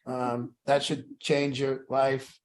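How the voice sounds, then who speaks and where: A man's voice: mid-range voice, flat delivery, slow pace. Earnest man leading a support group. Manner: earnest, repetitive, plain-spoken, preachy.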